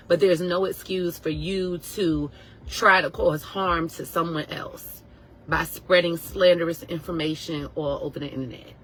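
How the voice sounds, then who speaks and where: A woman in her thirties, a nurse, telling a personal story casually to viewers, animated and emotional, acting out what others said. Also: fairly low pitch, breathy edge, poor audio. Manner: animated, emotional, acts out quotes.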